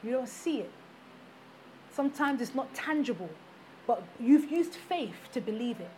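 A woman with a high, bright-pitched voice delivers an emphatic sermon as a preacher. She hammers her points home by repeating rhetorical questions to the congregation. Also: expressive, measured pace, slight background noise.

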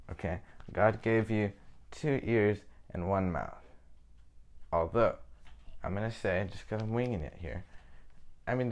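A man's voice: lowish voice, darkish tone. A young man giving an informal, rambling Bible lesson, often checking in with "okay?". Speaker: Bible study teacher.

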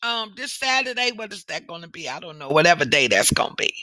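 Woman motivational coach, sassy and preachy, sharp bright tone, dry close mic. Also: fairly low pitch, fast talker, no room sound. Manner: sassy, animated, preachy with call-outs to the listener. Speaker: motivational coach and podcast host. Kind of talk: motivational podcast talk.

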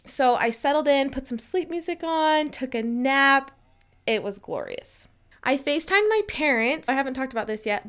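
A woman's voice: high-pitched, moderate pace. A young woman in her twenties telling a personal story to camera in a chatty, upbeat way. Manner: chatty and upbeat, with animated quotes. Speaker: vlogger.

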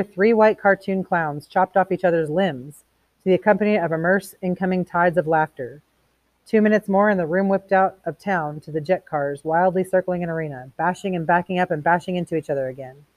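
A woman reads a novel aloud in a somewhat low voice, stepping out of the text now and then to explain it in a relaxed, casual way. The sound is close and dry, with no room around it. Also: fairly quick, no room sound. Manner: reads plainly, stops to explain in casual asides. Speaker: teacher reading a novel aloud. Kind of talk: read-aloud with commentary.

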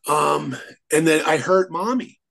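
A man's voice: a little high, unhurried, gravelly, a bit bright, poor audio. A male attorney talking as a guest in an interview, telling his story in an earnest, rambling way. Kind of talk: conversational interview.

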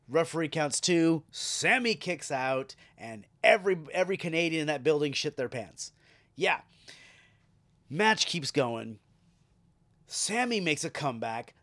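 A male podcast host recaps a wrestling event in a loose, casual way. He swears freely, gets animated and laughs as he goes. His voice sits a little high and his delivery is slow and drawn out. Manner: animated, profane, laughs while retelling.

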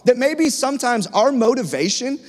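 In a large hall with long reverb, a pastor in his thirties tells stories conversationally as he preaches to his congregation. His voice is very high, with lively intonation and a moderate pace.

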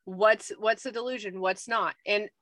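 A woman's voice: mid-range voice, fairly even intonation, normal speed, crowd noise. An American woman co-hosting a podcast in casual chat, thinking aloud and rambling with lots of fillers. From United States. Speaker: podcast co-host.

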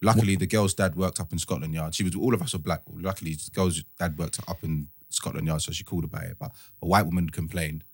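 Deep guy, talks fast, slangy storyteller, dry close sound. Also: husky, no echo. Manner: animated storytelling with street slang. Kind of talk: casual chat.

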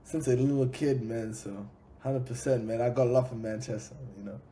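A man's voice: medium pitch, moderate pace, slight background noise. A man with an Australian accent, a rapper chatting casually as a podcast guest and acting out his stories with lots of energy. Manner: animated storyteller, acts out what people said.

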